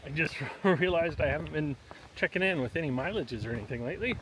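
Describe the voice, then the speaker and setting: A man records a casual trail vlog outdoors, speaking in an unhurried, chatty way with frequent pauses. His voice sits a bit high and has a bright, forward edge. Faint outdoor ambience hums behind him. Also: lively intonation, a little hiss or hum. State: panting on uphill. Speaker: hiker vlogger.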